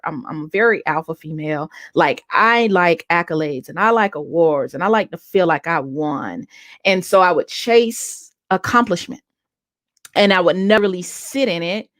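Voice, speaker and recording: This podcast host, a woman in her late thirties, has a lowish voice with a fairly bright tone. She earnestly reveals a personal story, restarting her sentences many times, in clean studio sound with no room ambience.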